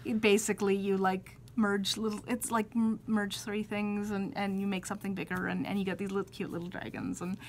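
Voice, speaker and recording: A woman's voice: medium pitch, flat delivery, brisk, hardly any pauses, slight background noise. Chatty woman podcast co-host. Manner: chatty, hesitant with lots of ums. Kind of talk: casual chat.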